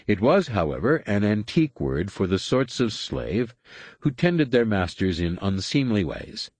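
A man reading a science fiction novel aloud as a narrator, with measured, expressive storytelling. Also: on the low side, dry recording. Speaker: audiobook narrator. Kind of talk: scripted narration.

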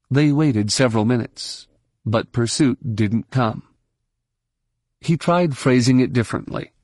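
A man narrating an audiobook in a steady, measured way. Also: medium pitch, no echo, studio quality. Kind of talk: scripted narration.

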